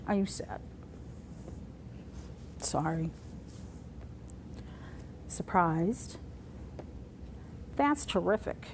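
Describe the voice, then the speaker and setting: A woman's voice: mid-range voice, expressive, extremely slow, long pauses, a little mellow, a little hiss or hum. A woman teaching a sign language class, patiently talking through each sign as she shows it. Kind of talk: classroom instruction. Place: community center classroom.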